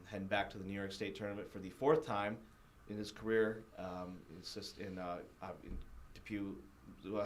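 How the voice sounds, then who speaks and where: A man hosting a casual sports interview, chatty and quick to laugh, with plenty of fillers. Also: on the low side. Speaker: host.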